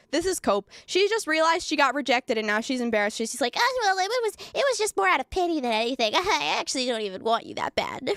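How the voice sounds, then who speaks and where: High, animated streamer woman. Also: smooth, dry recording, clean studio sound. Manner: animated, sarcastic, laughing, stammering restarts. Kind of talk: livestream reaction commentary.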